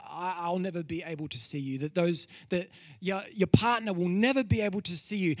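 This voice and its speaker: A man preaching a sermon, telling stories with lively acted-out quotes and dropping low and quiet for solemn points. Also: no echo, studio quality. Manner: animated storytelling, acts out quotes with laughs.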